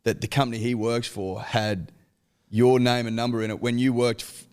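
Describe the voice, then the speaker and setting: A man's voice: mid-range voice, steady tone, normal speed, darkish tone, clear, resonant tone. A man co-hosting a podcast, chiming in with dry, teasing banter in a casual chat. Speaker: podcast co-host.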